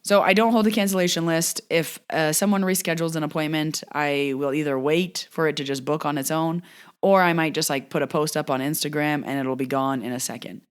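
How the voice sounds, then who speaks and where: On her podcast, a Reiki practitioner from a Canadian mountain town chats her way through a client story, packing in fillers and voicing the quoted dialogue herself. Her low voice is steady, clear, and resonant, and she talks a little fast.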